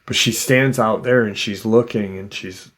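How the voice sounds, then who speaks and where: A man's voice: lowish voice, steady tone, moderate pace, a bit bright. A man casually retelling someone's encounter as a story, rambling with lots of fillers and restarts. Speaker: host retelling a witness's encounter.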